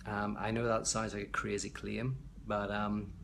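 A man's voice: on the low side, little pitch movement, normal speed, creaky, fairly bright tone, slight background noise. A man from Belfast, hosting a casual livestream from his home, chatty and rambling, reading out viewer comments. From Belfast, Northern Ireland. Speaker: livestream host. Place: at home, indoors.

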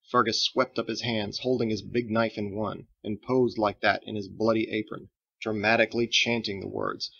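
A man reading his own storybook aloud with lively expression, in a dull lo-fi recording. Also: fairly low pitch, a little fast, gravelly. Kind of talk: storybook narration.

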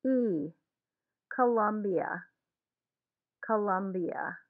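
A woman teaching a language lesson in a slow, deliberate scripted way, saying each word twice. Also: medium pitch. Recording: tinny phone-like sound.

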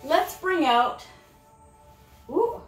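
A woman's voice: high voice, lively intonation, drawn-out words, roomy sound, faint music behind, poor audio. A woman teaching preschool yoga, encouraging and sing-song, making animal sounds as she guides the poses. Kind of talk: guiding a preschool yoga class.

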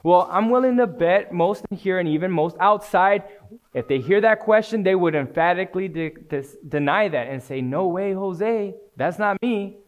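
A male preacher with a fairly high voice delivers a sermon. He is earnest, circles back to the same phrases, and presses his listeners with direct questions. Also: expressive, moderate pace. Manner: earnest, repeats phrases and asks pointed questions.

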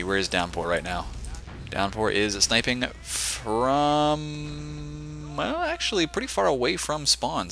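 A man shoutcasting a competitive online game, giving chatty, joking play-by-play with frequent off-topic asides. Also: lowish voice, a little hiss or hum. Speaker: esports shoutcaster. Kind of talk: live game commentary.

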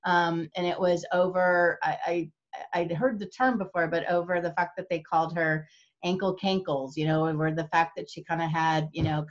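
A woman speaking on a discussion panel with a fairly low voice. She phrases things hesitantly, searching for her words as she goes. Her audio sounds slightly dull and lo-fi.

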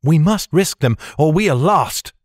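A man's voice: a little high, expressive, a little slow, no echo, studio quality, pitched above the performer's own voice. A man voicing a decisive young woman fighter who gives urgent commands, in an audiobook reading.

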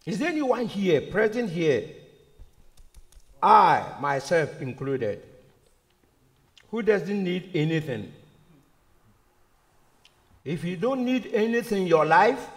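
High-voiced, slow preacher in a reverberant church. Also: male voice, sing-song. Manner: repetitive, with rhetorical questions. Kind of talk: sermon. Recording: long reverb of a church hall.

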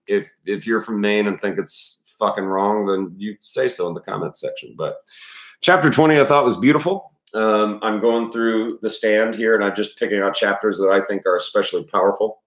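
A man from Texas with a very low voice, talking casually and at length as host of a read-aloud. He rambles, restarts his sentences and swears freely. The room gives his voice a roomy echo. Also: normal speed. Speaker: host reading a novel aloud with commentary. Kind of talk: casual spoken commentary.

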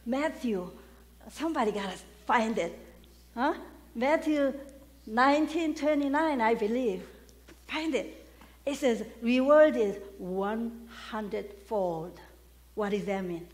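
A woman delivers a sermon at an unhurried pace, often pausing to quiz her listeners. Her voice sits somewhat high, and she leans hard on the words she wants to land. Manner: questions the congregation, emphatic call-and-response. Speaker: preacher.

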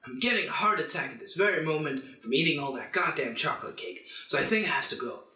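A young man tears into his topic in a comedic rant. His voice is high and bright, and he swears constantly and erupts into shouts. The sound bounces around an echoey room. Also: expressive, quick pace. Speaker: channel host.

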